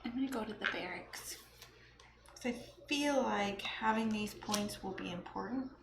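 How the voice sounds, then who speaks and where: A woman's voice: mid-range voice, normal speed. A woman chatting casually while playing a board game, giggling often and counting aloud. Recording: echoey room with clear background noise.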